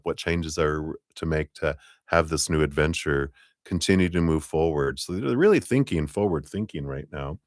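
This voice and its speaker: A man's voice: very deep voice, dry recording, studio quality. A middle-aged man giving a chatty live-stream tarot reading, laughing often as he talks. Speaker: tarot reader.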